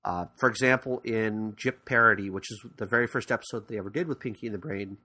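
A man's voice: fairly low pitch, fast talker, bright, forceful tone. A man hosting a podcast in casual talk, rambling with frequent fillers and restarts. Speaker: podcast host. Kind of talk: casual podcast commentary on cartoons.

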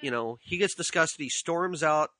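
Bright, animated man telling a story. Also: a little high, normal speed, dry recording. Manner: animated storyteller, laughs often, repeats words when excited. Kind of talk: casual chat.

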